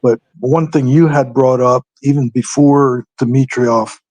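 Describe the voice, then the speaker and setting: Male call-in regular, slow and hesitant, lots of uhs, dry sound, mid pitch. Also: fairly even intonation, a little mellow, dry recording, rough recording. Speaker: regular caller. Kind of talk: phoning in to a radio show.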